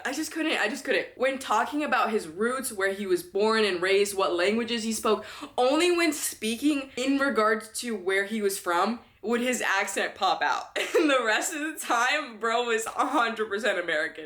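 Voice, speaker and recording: A woman's voice: on the high side, lively intonation, a little slow, a bit bright. Blunt young woman ranting about a book. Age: 20s. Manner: blunt, exasperated, laughs often while ranting. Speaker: book reviewer. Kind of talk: casual spoken book review.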